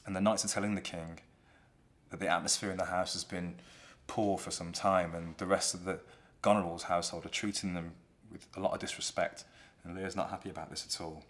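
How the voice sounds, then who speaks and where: A man retelling a play in a relaxed, conversational way. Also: low voice, fairly quick. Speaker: storyteller.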